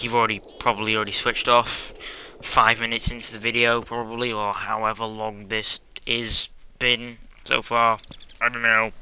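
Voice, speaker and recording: A man's voice: on the low side, flat delivery, moderate pace, hardly any pauses, sharp tone, slight background noise, low-quality recording. A young man rambling through a Let's Play at home, hyperactive and self-mocking, with sudden squeals and whispered asides. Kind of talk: casual gameplay commentary. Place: quiet house at home.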